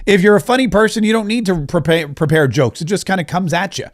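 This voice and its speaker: High-voiced sarcastic male podcast host. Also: fast talker. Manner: sarcastic, joking, digressive. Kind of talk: political commentary podcast.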